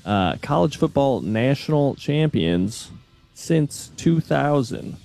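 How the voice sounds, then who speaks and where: Male producer, gravelly mid-pitched voice, relaxed studio banter, light music underneath. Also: takes it slowly. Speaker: video producer.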